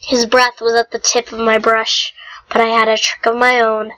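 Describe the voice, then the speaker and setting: A woman reading a novel aloud in an unhurried, homemade style, with small slips and throat-clearing. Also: a little high, monotone, fairly bright tone, rough recording. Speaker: reader. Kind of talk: amateur audiobook reading.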